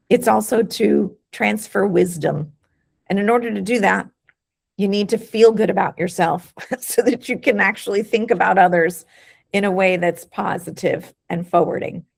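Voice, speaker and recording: A woman doctor wraps up a webinar over a video call, her voice gravelly with fry. She sounds encouraging and casual, and she repeats words as she gets going. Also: mid-range voice, fairly even intonation, normal speed. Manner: warm, encouraging, repeats words when starting a thought. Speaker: doctor hosting a health webinar.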